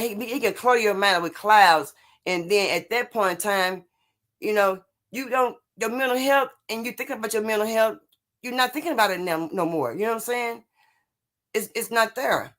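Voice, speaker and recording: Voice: mid-range voice, a bit bright. Rambling live stream host, casual motivational talk. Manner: rambling and repetitive, constantly asking "you know what I'm saying"; answers viewer comments while talking. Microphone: streaming setup.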